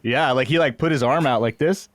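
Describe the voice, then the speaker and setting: A man's voice: mid-range voice, brisk, no room sound. A man telling a long anecdote in casual podcast chat. He rambles, leans on "like" a lot, and slips into different voices for the people in his story.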